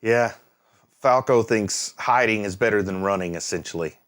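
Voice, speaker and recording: A man with a lowish, slightly bright voice hosts an anime reaction at a moderate pace. He chats casually, exclaims and laughs at the screen, then muses aloud as he thinks things through.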